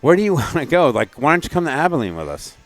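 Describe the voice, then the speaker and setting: A middle-aged man co-hosting a podcast in casual chat, telling stories in an animated, joking way. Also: on the high side, fast, no room sound, soft background music. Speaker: podcast co-host.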